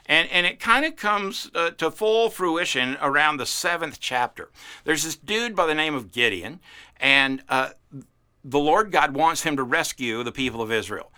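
A man's voice: fairly high pitch, animated, moderate pace, sharp tone, smooth. A man in his fifties preaching a casual, folksy sermon, telling stories with playful character voices. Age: 50s. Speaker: pastor.

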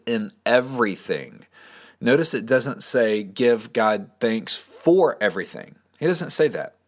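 Man, pastor, lowish voice, encouraging, chatty devotional podcast talk. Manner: upbeat, encouraging, conversational. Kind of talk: short devotional podcast message.

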